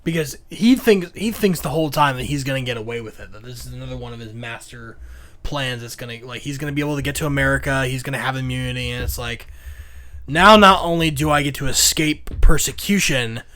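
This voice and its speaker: A man's voice: medium pitch, fast, bright, forceful tone. A young man co-hosting a casual movie review chat, eagerly retelling the plot. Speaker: podcast co-host.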